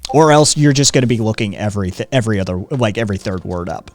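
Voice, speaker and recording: A man's voice: fairly low pitch, expressive, fast talker, soft background music. An American man hosting a live stream, chatting casually, rambling with lots of ums and frequent swearing. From United States. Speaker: streamer host. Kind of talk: casual chat.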